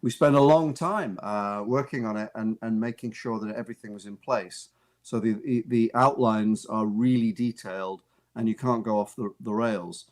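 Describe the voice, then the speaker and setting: A man's voice: fairly low pitch, moderate pace. A male actor and author, a guest in an interview, telling amused stories in a rambling way, with many restarts and repeated words. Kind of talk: casual anecdotal storytelling. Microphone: radio studio mic.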